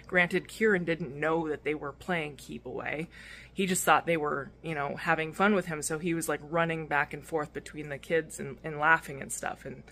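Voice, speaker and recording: Young woman, mom vlogger; candid, emotional, rambling delivery; slightly low voice, faint background hiss. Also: steady tone, normal speed, a bit bright. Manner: rambling with many fillers and restarts. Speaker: vlogger and mother. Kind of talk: casual vlog talk.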